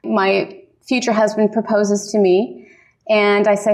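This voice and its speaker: A woman keynote speaker telling her personal faith story as lively storytelling, laughing often and giving earnest encouragement from a conference stage. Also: medium pitch, unhurried. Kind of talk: personal testimony talk.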